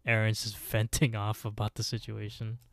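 A man co-hosting a podcast, chatting casually with short agreeing replies and quick bursts of talk. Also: fairly low pitch, completely flat delivery, creaky, fairly bright tone, no room sound. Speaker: podcast co-host. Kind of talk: casual recap discussion.

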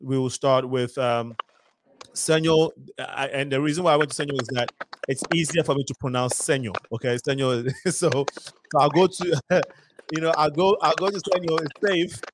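Halting Ghana-born talk show host. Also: male voice, a little high, fairly even intonation, noisy background. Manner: halting, many restarts, laughs at himself. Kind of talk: community talk show hosting.

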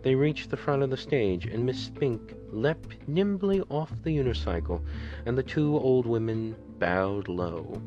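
A man reading a children's novel aloud for a podcast, steady and unhurried. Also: medium pitch, dull audio, faint music behind. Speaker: podcast reader. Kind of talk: audiobook reading.

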